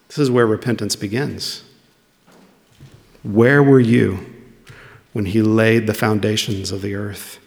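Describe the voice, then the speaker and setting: Gravelly-voiced man preaching in a hall. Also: lowish voice, fairly even intonation, takes it slowly, pauses often. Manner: conversational, asking the listeners questions. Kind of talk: sermon. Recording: long reverb of a large hall.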